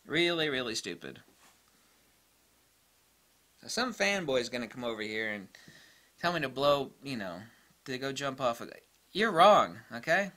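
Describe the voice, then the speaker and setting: This photography vlogger's voice is medium in pitch, sing-song and a little slow, with long pauses and a bright, forceful tone. He rants sarcastically and in exasperation about camera habits, frequently mocking other people with put-on voices.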